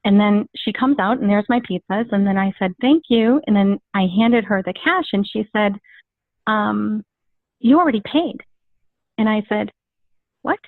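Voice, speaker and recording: A woman's voice: mid-range voice, normal speed, dry recording. A woman guest telling a personal story in casual chat, rambling and acting out the dialogue she quotes. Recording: tinny phone-like dry sound.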